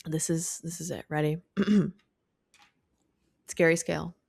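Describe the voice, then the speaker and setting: A woman's voice: low-pitched, steady tone, slow, gravelly, darkish tone, husky, no room sound, clean studio sound. A young woman co-hosting a podcast, chatting casually and thinking aloud with lots of restarts. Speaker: podcast co-host. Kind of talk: casual chat.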